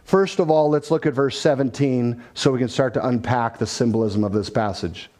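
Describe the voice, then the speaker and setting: A man's voice: medium pitch, normal speed. A middle-aged man preaching a sermon that explains a scripture passage, telling stories and acting out voices as he goes. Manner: storytelling, animated, acts out quotes. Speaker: pastor.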